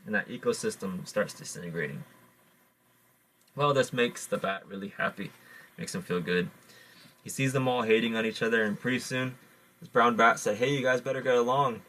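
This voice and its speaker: A man with a low voice retells a traditional animal story. He halts often, fills gaps with "uh," and repeats his words as he goes. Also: pushed and bright. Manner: halting, repeats words, fillers. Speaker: podcast host. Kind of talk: oral storytelling.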